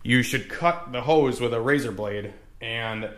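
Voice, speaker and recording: Bright-voiced young man rambling in a garage. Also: medium pitch, measured pace. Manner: rambling, profane, many fillers. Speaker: car tuning vlogger. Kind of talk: casual garage walkthrough.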